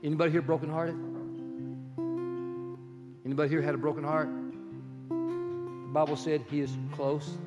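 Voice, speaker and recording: A pastor in his sixties preaching a sermon, swinging from loud urgent pleading to soft, hushed prayer. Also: on the high side, level tone, normal speed, pauses often. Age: 60s. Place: church sanctuary. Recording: long hall reverb with guitar music behind. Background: soft guitar music.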